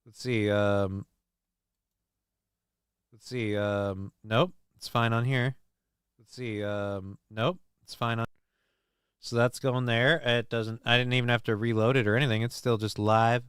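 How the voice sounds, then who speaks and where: Smooth-voiced, profane livestream host. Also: male voice, medium pitch, steady tone, a little slow, pauses often, a bit bright, dry recording, studio quality. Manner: rambling, profane, self-mocking. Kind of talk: casual livestream chat.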